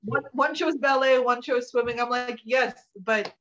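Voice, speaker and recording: A woman guest telling a funny story in casual chat, animated and laughing often. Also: fairly high pitch, normal speed, over a noisy crowd. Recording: dull lo-fi audio.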